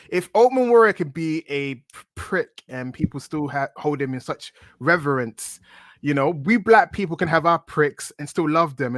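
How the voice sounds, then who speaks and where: A man riffs playfully as a podcast guest, rambling from joke to joke. His voice sits on the high side for a man. The call audio sounds dry and close. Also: a bit bright, dry recording. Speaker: guest pundit. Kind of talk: casual podcast chat.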